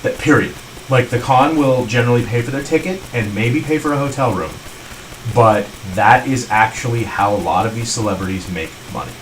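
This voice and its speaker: A man's voice: medium pitch, a little fast, distant mic, a little hiss or hum, low-quality recording. A man co-hosting a podcast in casual chat, explaining at length and often agreeing with "right". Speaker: podcast co-host.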